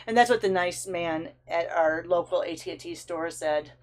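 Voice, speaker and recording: A woman's voice: lowish voice, fairly even intonation, fairly quick, creaky, few pauses. A woman hosting her own vlog, telling a long frustrated story in a chatty, storytelling way with big swings in her voice. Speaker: stamping craft channel host. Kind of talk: casual vlog chat.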